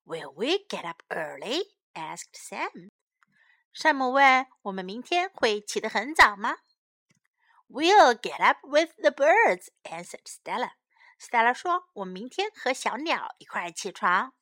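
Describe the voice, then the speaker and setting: A woman reads a bedtime story for young children, saying each English line and then translating it. Her voice is high, bright and swooping, and she takes her time over every word. Later she repeats short English phrases slowly so children can say them back. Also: sing-song, no echo. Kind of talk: children's bilingual story reading.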